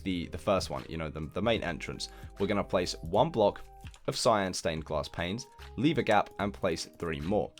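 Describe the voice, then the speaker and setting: Young guy with a low voice talking thru a block build, laid back and jokey, counting blocks out loud, some quiet music underneath. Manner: chatty, self-deprecating, counts blocks aloud. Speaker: Minecraft building tutorial host. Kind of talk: casual gameplay tutorial commentary.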